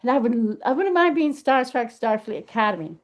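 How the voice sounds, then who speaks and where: A woman talking casually to camera in an animated, emphatic way, thinking aloud and restarting her sentences as she goes. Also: on the high side, a little fast. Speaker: vlogger. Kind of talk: casual rambling monologue.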